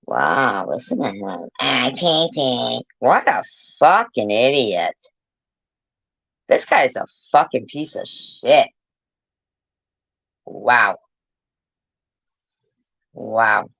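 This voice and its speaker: Slow, scolding woman commentator. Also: extremely low pitch, big pitch swings, vocal fry, a bit bright, breathy edge, no echo, highs cut off. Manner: scolding, heavy cursing and insults. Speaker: reaction commentator. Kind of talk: angry reaction commentary.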